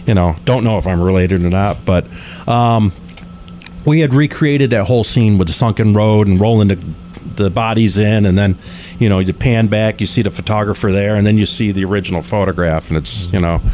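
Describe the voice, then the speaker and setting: A man's voice: on the low side, a little fast, darkish tone, slight background noise. A man, a wet plate photographer, telling stories in a casual interview with many restarts and fillers.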